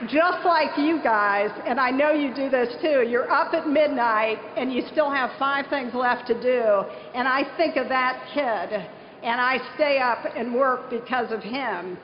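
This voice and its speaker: A woman's voice: high-pitched, measured pace. A middle-aged woman from southern Ohio giving an earnest conference keynote, telling stories with emphasis. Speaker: nonprofit leader giving a conference speech. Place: large conference hall. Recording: echoey hall, dull lo-fi sound, faint hiss.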